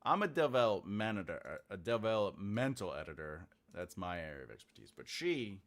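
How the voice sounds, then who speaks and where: Typing a book outline on a livestream, this author mutters, thinks out loud and chats casually with his viewers. His voice is lowish, fairly bright and sing-song, and he talks briskly with hardly any pauses.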